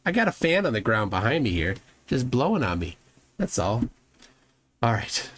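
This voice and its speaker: A man hosting a casual reaction show, sarcastic and quick to laugh loudly at what he watches. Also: medium pitch, big pitch swings, a little hiss or hum. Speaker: host reacting to videos. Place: home room with a fan running.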